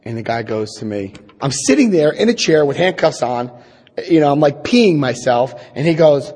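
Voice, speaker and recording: A middle-aged man from New Jersey telling a personal recovery story, wryly and self-deprecatingly, acting out dialogue with halting restarts. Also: a little high, lively intonation, a little mellow, husky. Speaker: speaker sharing his recovery story. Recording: long hall reverb.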